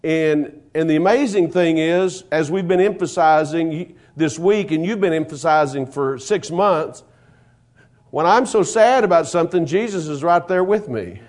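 A man's voice: fairly high pitch, a little slow, a little mellow. A man preaching a sermon, reading scripture aloud and then talking it over in a conversational way, often repeating and restarting words, before leading a prayer. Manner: reads scripture in King James wording. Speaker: guest preacher.

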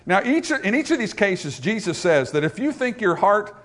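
A man delivering a sermon at a church service, his pitch rising and falling in a lively, sing-song way. His voice sits a little high for a man. He preaches with animation and drops in playful asides. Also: normal speed. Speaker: pastor.

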